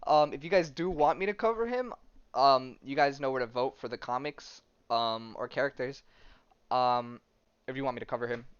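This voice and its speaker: A man hosts a podcast, rambling casually with lots of fillers and restarts. His mid-range voice is clear and resonant at a normal speed, heard on a dull, dry recording.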